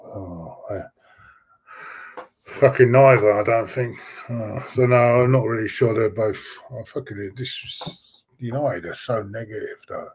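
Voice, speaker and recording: A man with a gravelly, husky voice fires off blunt reactions while he watches a football match. His remarks are short and casual, and he often swears. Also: fairly low pitch, unhurried. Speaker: co-host of a football watch-along stream.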